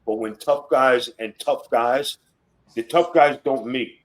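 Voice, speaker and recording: A man's voice: mid-range voice, slow, poor audio. Blunt, profane man telling tough stories. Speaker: podcast guest, former wrestler. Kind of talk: casual storytelling interview.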